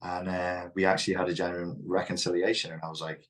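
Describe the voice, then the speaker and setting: Deep-voiced Scouse man, reflective. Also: little pitch movement, a little fast, hardly any pauses. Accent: Liverpool Scouse. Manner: reflective, frank, occasionally swears. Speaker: guest. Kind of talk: candid interview talk.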